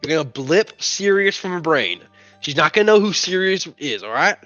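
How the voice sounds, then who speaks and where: A man playing a tabletop role-playing game, talking in a flustered, animated way. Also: fairly high pitch, moderate pace, no room sound, lo-fi sound, faint music behind. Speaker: player.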